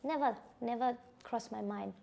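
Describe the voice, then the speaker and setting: A woman's voice: fairly high pitch, normal speed, gravelly, warm tone. A woman giving a personal testimony, speaking in a reflective, hesitant way with frequent restarts and "you know.". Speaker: survivor sharing her personal story.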